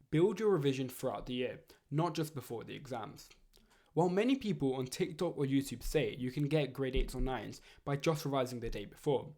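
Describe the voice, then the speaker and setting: A teenage boy, reading out study advice in a steady, earnest, scripted way. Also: mid-range voice. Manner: earnest, steady, read-aloud delivery. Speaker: student giving study advice. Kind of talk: scripted educational narration.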